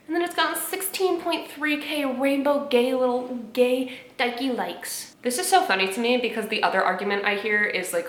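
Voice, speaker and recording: A young woman at home, reacting to memes with sarcastic, animated commentary, laughing often and dropping into muttered asides. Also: on the high side, normal speed, roomy sound, soft background music. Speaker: video creator reacting to memes. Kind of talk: casual commentary vlog. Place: home apartment.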